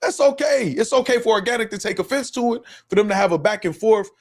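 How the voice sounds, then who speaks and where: A male livestream host with a high-pitched voice talks quickly, throwing out casual, profane commentary as he reacts to clips. He's animated and repetitive, often talking right over the footage.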